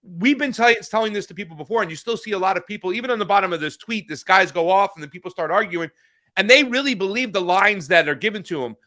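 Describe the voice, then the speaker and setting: Fast, high, pushed and bright, this man's voice carries a heated political news podcast conversation. As co-host he swears freely and repeatedly starts his sentences over in the casual back-and-forth.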